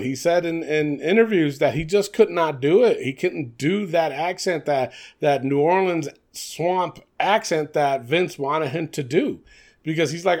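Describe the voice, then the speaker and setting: Male podcast co-host, young, a little high-pitched, animated and chatty with frequent laughs. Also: measured pace. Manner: animated, laughs often, many fillers. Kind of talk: casual wrestling chat.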